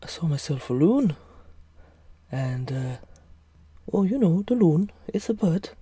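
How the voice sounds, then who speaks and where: A woman doing a jokey put-on Canadian accent, speaking loud and lower than her usual whisper, drawing out "eh". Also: sing-song, husky, no room sound, exaggerated voice. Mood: goofy. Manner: loud, voiced, bouncy, drawn-out "eh". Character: jokey mock-Canadian woman, cheerful and goofy.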